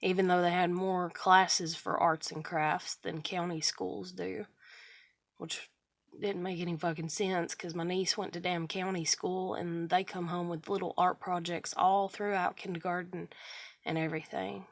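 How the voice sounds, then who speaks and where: A woman's voice: on the low side, flat delivery, measured pace, no room sound. A woman in her thirties rambling through a bitter, profane confessional monologue about her life. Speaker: vlogger sharing personal stories.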